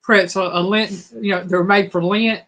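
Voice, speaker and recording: A hoarse woman hosts a casual live-stream trivia chat. She is chatty and reads out the viewers' answers one by one, at a middling pitch. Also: steady tone, moderate pace, fairly bright tone.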